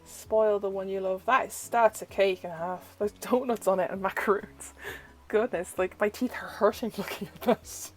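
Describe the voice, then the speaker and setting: A woman's voice: medium pitch, normal speed, soft background music, low-quality recording. A young woman tarot reader, chatting through a first look at an oracle deck and filling her talk with "like". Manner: chatty, uses "like" a lot; gushing, easily delighted.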